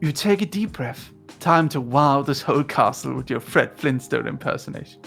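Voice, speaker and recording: Playful woman with a gravelly, lively voice. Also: extremely low pitch, normal speed, soft background music. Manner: playful, mock-grandiose, giggly. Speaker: streamer. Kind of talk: casual stream chat, reading aloud.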